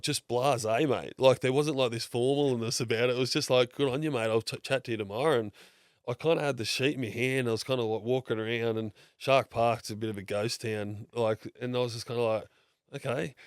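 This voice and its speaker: Recorded cleanly in a studio with no echo, this thirtysomething Australian podcast guest has a lowish, clean-toned voice. He spins casual, blokey stories, cursing liberally and imitating what others told him.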